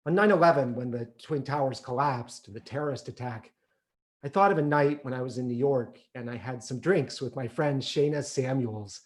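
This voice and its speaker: A man performing a one-man theatrical storytelling show, animated and acting out the people he describes. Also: medium pitch, normal speed. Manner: animated, acts out other people's voices. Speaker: solo stage performer. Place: theatre stage.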